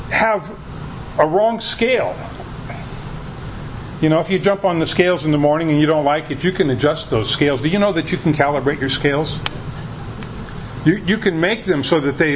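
Guy preaching a laid-back sermon, kinda high voice, bit of room hiss behind him. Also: rough recording. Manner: conversational preaching with frequent restarts. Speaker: pastor.

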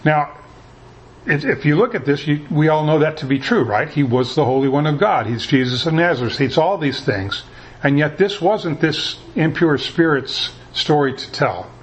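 A man's voice: fairly high pitch, expressive, normal speed. A man preaching a sermon as pastor, talking in a conversational way and often repeating words as he restarts.

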